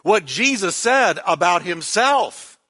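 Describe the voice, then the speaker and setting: A man's voice: high-pitched, very animated, slow, bright, forceful tone. A male pastor preaching a sermon with emphasis, repeating key words for weight.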